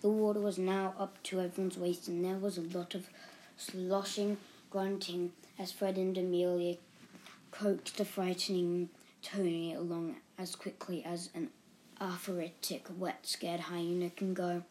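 A woman reading a children's book aloud in a steady, expressive storytelling manner. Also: fairly low pitch, a little slow, slight background noise. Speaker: reader.

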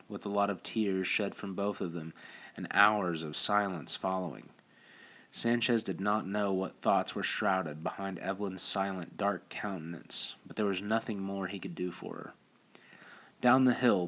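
A man reads a novel aloud in a steady, measured way, sometimes restarting a word. His voice sits on the low side. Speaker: audiobook narrator. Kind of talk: scripted narration.

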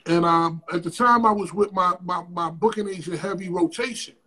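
A man appears as an interview guest, telling a story in a casual, profane, animated way punctuated by sudden loud bursts. His voice sits high and moves at a moderate pace.

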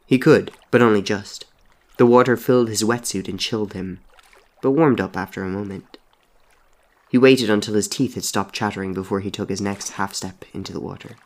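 A man reading a story aloud in an even, measured way, often softly spoken. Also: on the low side. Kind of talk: storybook narration.

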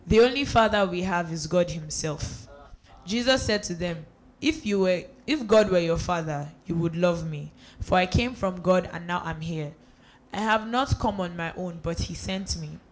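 A reader going through a Bible passage aloud at a steady pace, with a few small slips and restarts. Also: mid-range voice, moderate pace. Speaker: scripture reader. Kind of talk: reading scripture aloud.

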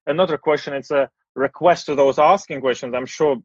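A man from post-Soviet Europe, hosting a casual podcast chat in a blunt, relaxed way and swearing freely. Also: a little high, fairly quick, breathy edge, dry recording. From post-Soviet Eastern Europe. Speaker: podcast host. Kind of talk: casual conversation. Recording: slightly dull, dry sound.

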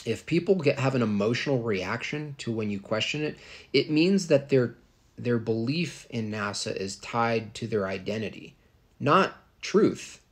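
A man's voice: mid-range voice, animated, unhurried. A man in a casual, ranting monologue, scornful and rambling, full of fillers.

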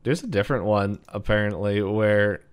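Low-voiced man with a smooth tone. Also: normal speed. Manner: rambling, restarts, chuckles. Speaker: podcast co-host. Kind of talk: casual chat recapping a movie.

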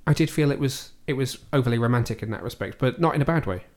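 A man's voice: mid-range voice, lively intonation, quick pace, darkish tone. A man hosting a casual film review podcast from home, thoughtful and a little hesitant as he weighs his opinions. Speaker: podcast host. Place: at home, cat on the desk.

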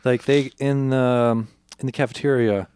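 A man's voice: mid-range voice, normal speed, clean tone, dry recording. A man co-hosting a podcast, casually retelling a film's plot in detail and acting out the characters' lines with plenty of swearing. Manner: animated storyteller, acts out quotes, swears freely. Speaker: podcast co-host.

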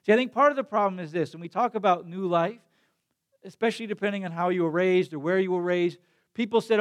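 A man's voice: high voice, a little fast. A young adult man preaching a sermon as a pastor, telling a story in a conversational way that builds to emphatic passion.

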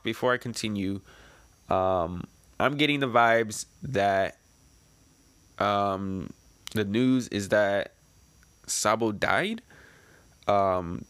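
A chatty man reading through a comic page by page. He mixes reading with loose speculation and plenty of fillers. The sound is close and dry, with a mid-range pitch. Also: a bit bright, no room sound. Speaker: comic reader and reactor. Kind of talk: casual read-through with commentary.

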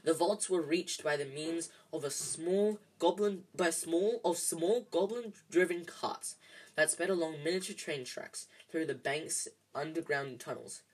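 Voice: mid-range voice, a little slow, breathy edge, low-quality recording. A reader narrating a storybook in an amateur audiobook style, often stumbling and correcting themselves.

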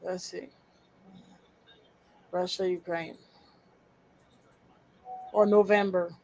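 A woman co-hosting a podcast talks very slowly with a flat delivery in a fairly low, warm voice. She sorts files on screen during the casual chat, blunt and profane and muttering to herself. The recording is rough.

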